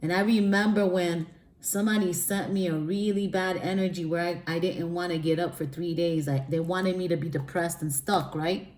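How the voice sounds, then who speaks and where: A woman talks in an easy, rambling way, her voice sitting a little low for a woman. She breaks into laughs and restarts her sentences as she shares a casual spiritual reading. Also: steady tone, normal speed, a little mellow. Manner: rambling, chatty, frequent restarts; laughs often between phrases. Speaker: spiritual reader. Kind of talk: casual spiritual vlog talk.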